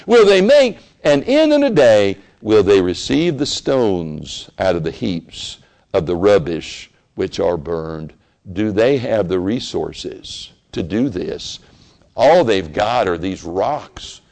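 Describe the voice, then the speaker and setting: A man preaching a sermon in an animated way, rising into emphatic bursts and often restarting his phrases. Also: deep voice, creaky.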